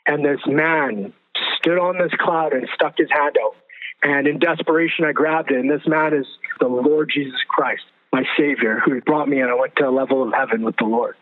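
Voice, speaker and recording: A man's voice: on the high side, moderate pace. A man telling his personal testimony as a guest, earnest and vivid, repeating phrases for emphasis. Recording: phone-like narrow sound.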